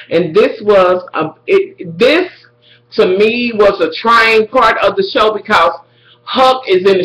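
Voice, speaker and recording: High-voiced guy doing a dramatic cussing episode recap, bright tone, roomy echo. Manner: dramatic, profane, talks straight to viewers. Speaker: TV recap vlogger.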